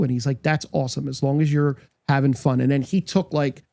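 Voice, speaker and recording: A man's voice: mid-range voice, little pitch movement, brisk, gravelly, a little mellow, dry recording. A man co-hosting a podcast, chatting casually and telling a story with acted-out quotes and frequent restarts. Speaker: podcast co-host. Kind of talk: casual chat.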